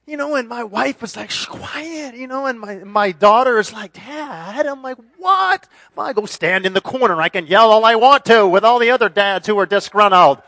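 High-voiced animated male preacher. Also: a little fast, few pauses, no echo. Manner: animated and self-deprecating, with many restarts. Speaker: pastor. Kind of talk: sermon.

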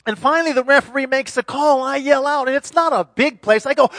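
A high-pitched man in his forties delivers a sermon in a lively, self-mocking way, often restarting his sentences. His voice sounds close and dry, with no room around it. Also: a little fast, few pauses, no echo. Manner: animated and self-deprecating, with many restarts. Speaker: pastor.

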